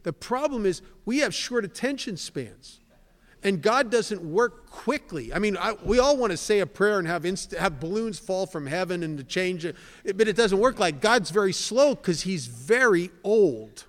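A man in his sixties giving a candid personal testimony at a recovery meeting, telling stories and swelling loud to stress a point. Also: sits high, lively intonation, moderate pace. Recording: long hall reverb.

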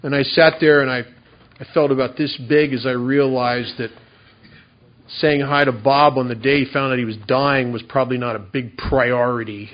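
A man's voice: medium pitch, fairly even intonation, normal speed, muffled recording. A man telling a candid, confessional story about his recovery to a meeting, with self-mocking humor. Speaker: recovery speaker.

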